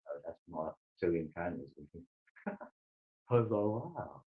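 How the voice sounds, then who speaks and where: Guy rambling on a livestream, lowish voice, muffled lo-fi audio. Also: very animated, unhurried. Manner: rambling, loose and meandering. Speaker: livestream host. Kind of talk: casual chat. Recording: dull lo-fi stream audio.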